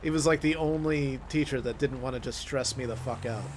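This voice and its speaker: A young man chatting casually on a gaming stream, swearing and laughing often, telling stories and breaking into loud impressions. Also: medium pitch, brisk, heavy background noise. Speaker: streamer co-host.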